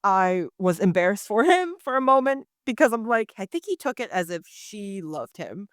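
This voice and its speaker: A woman's voice: mid-range voice, normal speed, dry recording, clean studio sound. A woman co-hosting a podcast, chatting casually and acting out her reactions as she laughs along. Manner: animated, laughing, acts out reactions. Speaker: podcast co-host. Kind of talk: casual recap chat.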